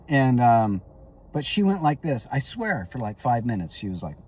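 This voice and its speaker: A man's voice: medium pitch, sing-song, a little slow, darkish tone, breathy edge, recorded from a distance. A man rambling through a comic monologue in character, stammering and repeating himself. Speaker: comedic storyteller.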